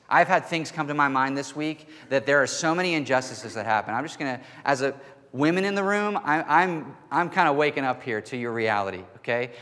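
Male pastor, earnest sermon, emphatic, drawn-out stressed words, mid-pitched voice, long echo of a hall. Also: a bit bright. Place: church hall. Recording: long reverb of a church hall.

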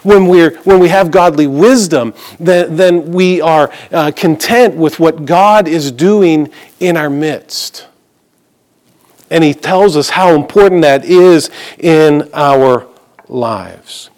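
Man preaching a sermon, somewhat high voice. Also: slow pace, darkish tone. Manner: conversational preaching with personal stories and humor. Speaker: pastor.

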